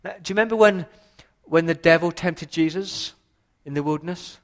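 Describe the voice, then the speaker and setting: A man preaching a sermon with passion, his voice rising for emphasis and dropping low for quiet points. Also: moderate pace. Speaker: pastor.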